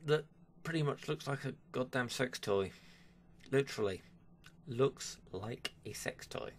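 A man talks straight to his audience in a casual opinion vlog, grumbling and dismissive. He speaks slowly, his pitch swinging widely, and keeps trailing off with a sigh. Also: expressive, breathy edge. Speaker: vlogger.

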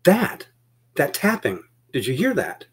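A man's voice: on the high side, wildly swooping pitch, measured pace, a bit bright, husky, voice pushed up, full character voice. A man voicing a startled young woman in an audiobook, with a raised, questioning voice. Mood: alarmed. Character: startled young woman waking in a strange future.

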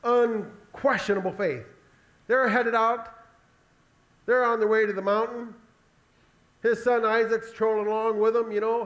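A male pastor delivering a sermon in an animated storytelling way, acting out Bible scenes. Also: high voice, normal speed, pauses often, lo-fi sound.

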